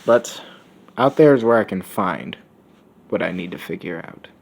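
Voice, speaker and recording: A man's voice: low-pitched, lively intonation, moderate pace, gravelly, pitched below the performer's own voice, exaggerated voice. A man voicing a brash, cynical young male hero in a Rick-like manner, rambling and crude, recorded on a phone. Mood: brooding. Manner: crude, rambling, coughs between lines.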